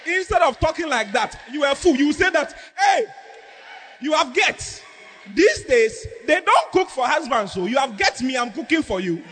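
A man putting on an indignant wife who shouts and scolds her husband during a sermon. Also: very high voice, big pitch swings, drawn-out words, few pauses, some chatter behind, pitched above the performer's own voice, heavily acted. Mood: indignant shouting. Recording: echoey hall, faint background noise.

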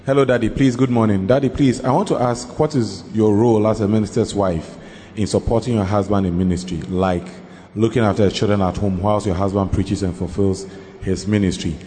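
A man's voice: lowish voice, fairly even intonation, fairly quick, dark tone. A man politely asking a question of his pastor during a church Q&A. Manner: polite, deferential. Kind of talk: reading out a question. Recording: reverberant hall with faint noise.

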